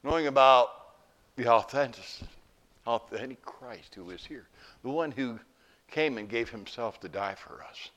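A middle-aged pastor giving a folksy sermon, telling stories and asking rhetorical questions. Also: male voice, mid-range voice, a little slow, a bit bright.

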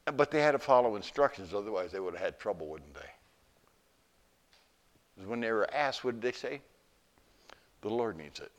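A middle-aged pastor giving a folksy sermon, telling stories and asking rhetorical questions. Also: male voice, on the low side, lively intonation, a little fast, long pauses.

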